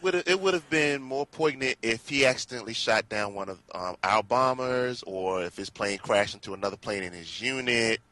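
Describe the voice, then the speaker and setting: A man's voice: mid-range voice, expressive, moderate pace, few pauses, pushed and bright, dry recording, poor audio. A man chatting casually as a film reviewer, sardonic and given to pointed questions. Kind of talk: casual chat.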